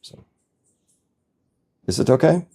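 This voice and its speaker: A man giving a slow, gentle spiritual talk as a teacher, reflective and unhurried, now and then laughing softly. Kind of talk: satsang talk.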